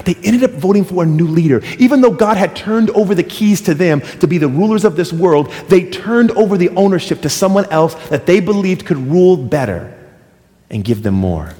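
Lively male pastor, slightly high voice, long hall echo. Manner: animated, storytelling, with voices and asides. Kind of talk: sermon.

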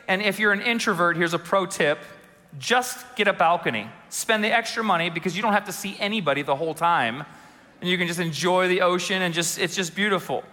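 A man's voice: high-pitched, pushed and bright, in a large hall. A male pastor preaching a sermon, mixing humorous stories with questions to the congregation. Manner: storytelling with humor and audience questions.

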